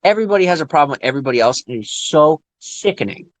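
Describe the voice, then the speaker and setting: A man's voice: animated, rapid-fire, no room sound. Angry, swearing young man, dry sound. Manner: angry, profane, swings from low muttering to loud high outbursts; rambling with restarts. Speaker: vlogger. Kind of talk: emotional unscripted rant to viewers.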